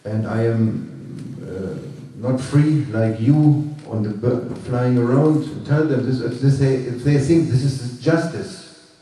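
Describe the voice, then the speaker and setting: A man voicing a homesick male parrot in a cage, pleading in an earnest, halting way. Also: medium pitch, warm tone, lightly acted. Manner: earnest, halting, repeats himself. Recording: echoey room from far off.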